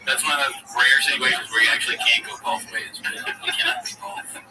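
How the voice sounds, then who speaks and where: A man's voice: medium pitch, steady tone, brisk, distant mic, heavy background noise. A man co-hosting a podcast in casual chat, teasing and laughing often. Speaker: podcast co-host.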